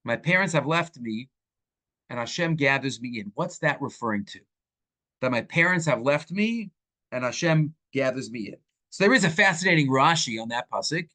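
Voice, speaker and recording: A man teaching a Torah class as a rabbi. He speaks animatedly and sprinkles Hebrew and Yiddish terms into his English. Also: moderate pace. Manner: animated, acts out quoted speakers with swings in pitch.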